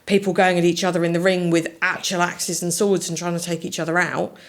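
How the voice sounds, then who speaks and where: Chatty woman, lowish voice. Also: flat delivery, a little fast. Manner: chatty, enthusiastic storyteller. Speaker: podcast guest, social media marketer. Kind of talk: casual chat.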